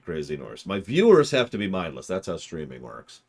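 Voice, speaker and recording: A man's voice: low-pitched, wildly swooping pitch, moderate pace, a little mellow, husky. A man streaming a game and chatting with his viewers, rambling as he works through puzzles aloud. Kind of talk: casual livestream commentary.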